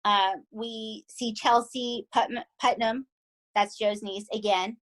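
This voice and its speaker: A woman with a Southern US accent, co-hosting a podcast and recapping a TV series in animated, emphatic casual chat. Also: on the high side, slow, rough recording. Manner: animated and emphatic, often asking "right?". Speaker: podcast co-host.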